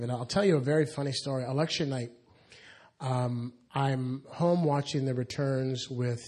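A middle-aged man from the California Bay Area, a guest speaker telling funny stories to an audience and acting out the quotes. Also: medium pitch. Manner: animated, laughing storyteller who acts out quotes. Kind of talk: storytelling talk.

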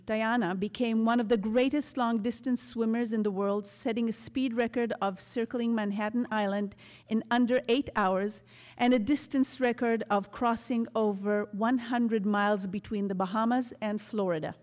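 Woman, announcer, formal polished introduction, slightly high voice, long hall reverb. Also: steady tone, moderate pace, hardly any pauses, darkish tone. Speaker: event announcer. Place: event hall.

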